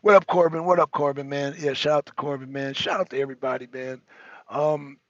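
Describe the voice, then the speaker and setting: A man chatting loosely as a talk show panelist, animated and profane, often laughing and repeating words. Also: medium pitch, a little fast, no echo, lo-fi sound. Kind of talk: casual chat.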